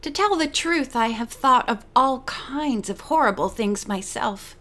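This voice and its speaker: A woman's voice: fairly high pitch, expressive, measured pace, fairly bright tone. A woman reading the part of an earnest, worried young woman detective in an audiobook. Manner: earnest, eager.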